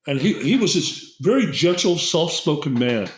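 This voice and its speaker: A man's voice: a little high, sing-song, moderate pace, a little hiss or hum. An older man, a guest, telling a long story with many fillers and restarts. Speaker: guest herbalist. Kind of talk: storytelling in conversation. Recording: roomy echo.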